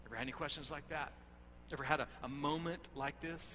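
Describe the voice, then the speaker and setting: A young man preaching a sermon, lively and dramatic as he retells scripture aloud. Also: fairly high pitch, quick pace. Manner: animated, dramatic readings of scripture. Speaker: pastor. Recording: echoey hall with faint hum.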